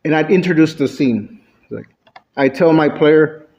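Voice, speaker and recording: Slow, expressive man giving a speech. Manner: expressive, swings pitch and loudness for effect. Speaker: club speaker. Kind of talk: prepared public speech. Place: club meeting room, indoors. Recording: dull lo-fi recording.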